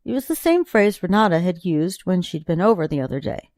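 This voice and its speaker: A woman narrating a novel chapter in a steady, even storytelling delivery. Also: fairly low pitch, a little fast, no room sound, studio quality. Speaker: audiobook narrator. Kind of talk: audiobook reading.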